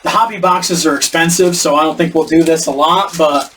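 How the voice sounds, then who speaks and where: A male podcast co-host, speaking fairly quickly in a fairly high, fairly bright voice, rambles through casual chat and trips on names. The mic is distant, and faint background noise can be heard.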